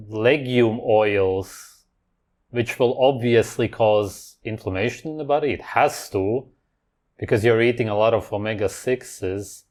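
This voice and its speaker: A man hosting a reaction video, talking over clips with scornful, sarcastic commentary. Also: on the low side.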